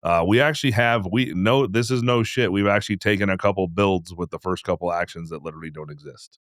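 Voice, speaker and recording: A man co-hosting a relaxed podcast in a fairly low voice, teasing his partner and swearing freely. He laughs often. The mic is close and dry. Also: quick pace, dry recording. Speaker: podcast co-host. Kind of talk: casual podcast chat.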